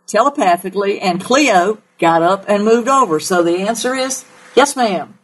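A woman's voice: mid-range voice, moderate pace, rough recording. A woman with a Southern accent hosting a call-in radio show as a pet psychic, folksy and emphatic.

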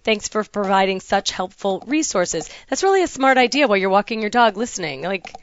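A woman's voice: mid-range voice, big pitch swings, no room sound, dull audio. A woman co-hosting a podcast, reading listener questions aloud with chatty asides. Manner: chatty, reads letters aloud with quick asides. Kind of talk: casual podcast chat.

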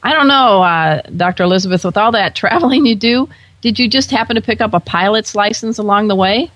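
A woman's voice: medium pitch, fairly quick, a bit bright, no echo. A woman hosting a pet radio talk show, bubbly and enthusiastic with playful asides.

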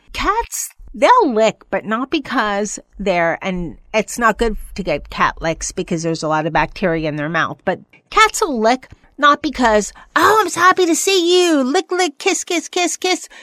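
A woman hosting a pet podcast, talking casually and rambling, who now and then breaks into high, playful voices to mimic excited pets. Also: no echo. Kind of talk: casual monologue.

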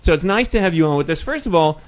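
Male radio host, slightly high voice. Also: lively intonation, fast talker. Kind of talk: radio interview. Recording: lo-fi radio studio sound.

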